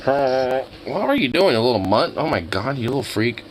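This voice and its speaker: Lively exasperated young man with a cold. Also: mid-range voice, moderate pace, slight background noise, rough recording. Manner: exasperated, teasing, swears a lot. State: has a cold. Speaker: vlogger. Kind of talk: casual talk to his dog.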